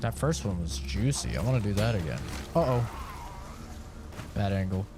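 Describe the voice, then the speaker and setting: A man's voice: on the low side, big pitch swings, moderate pace, noisy background. A man streaming a video game, giving live commentary full of profane jokes and banter aimed at the characters on screen. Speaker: gaming streamer.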